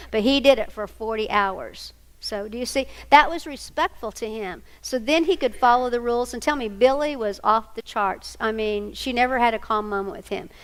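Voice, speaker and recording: A middle-aged woman with a fairly high voice tells stories to an audience. She slips into different voices for the people she quotes, and her words carry a long echo from a big hall. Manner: animated storyteller, acts out quoted voices. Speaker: speaker on single parenting. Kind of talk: storytelling talk to an audience.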